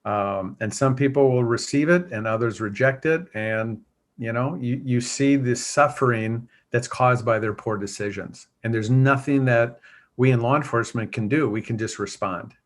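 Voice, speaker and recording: A man's voice: mid-range voice, normal speed. A man, a former police officer now starting a church, speaking earnestly and reflectively as an interview guest. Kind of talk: conversational interview.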